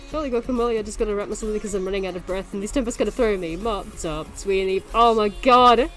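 A young woman in her twenties streaming a game, excitable and laughing often, swearing freely. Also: mid-range voice, fast talker, faint music behind. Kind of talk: casual livestream commentary while gaming.

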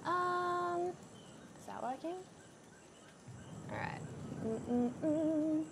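Young woman streaming a game, high voice that swings all over, excitable and laughy. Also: very slow, background noise. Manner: excitable, exclaiming, laughing often. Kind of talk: live gameplay commentary. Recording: game sounds loud in the background.

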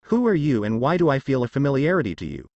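A man's voice: medium pitch, big pitch swings, fast talker, a little mellow, no room sound, lo-fi sound. A man voicing a suspicious, hot-tempered young male demigod warrior in a story narration. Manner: suspicious, defiant.

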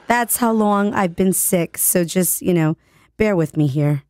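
A woman DJ hosting her podcast while sick, her voice hoarse and raspy, chatting playfully and joking about herself. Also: on the low side, a little slow, background noise. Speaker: radio DJ and podcast host. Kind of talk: casual solo podcast chat.

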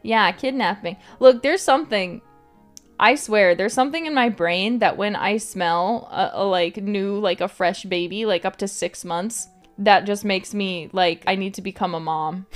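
A woman's voice: medium pitch, unhurried, faint music behind. A woman streamer rambling in casual late-night chat, giggling often and filling her talk with "like". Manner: rambling, giggly, filler-heavy "like".

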